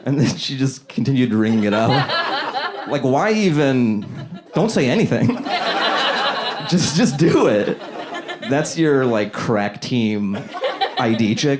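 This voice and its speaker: A man performing a stand-up comedy set on a club stage, acting out characters in quick asides. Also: medium pitch, crowd noise. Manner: animated, acts out voices in quick asides. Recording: loud audience laughter behind.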